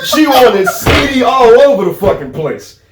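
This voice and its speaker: A man's voice: very high-pitched, very animated, unhurried, very noisy. A man co-hosting a crude comedy podcast, tossing in profane, heckling remarks. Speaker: podcast co-host. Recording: echoey room.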